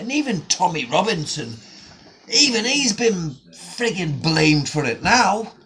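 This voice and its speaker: A man's voice: sits high, sing-song, a little slow, fairly bright tone. A man delivering a profane, sarcastic rant on his own video channel. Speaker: vlogger. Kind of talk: angry ranting vlog.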